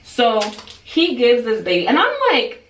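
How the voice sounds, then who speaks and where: A woman in her twenties telling a story in a vlog, animated and chatty, with a lot of "like.". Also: on the high side, unhurried. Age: 20s. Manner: animated, chatty, heavy use of "like". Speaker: hairstylist and vlogger. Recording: echoey room, far from mic.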